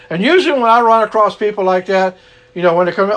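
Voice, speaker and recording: A man's voice: sits high, fast, fairly bright tone. A man preaching an earnest sermon to an online gathering, repeating his key lines and closing in prayer.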